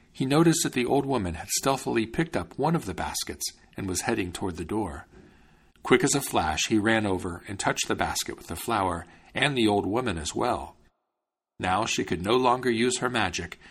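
A man reading a fairy tale aloud as a storyteller, in a measured, expressive manner. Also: lowish voice, slightly rough. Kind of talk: storybook narration.

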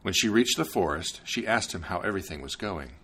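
Husky man reading a fairy tale. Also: sits low, expressive, fairly quick, fairly bright tone. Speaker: narrator. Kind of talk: storybook narration.

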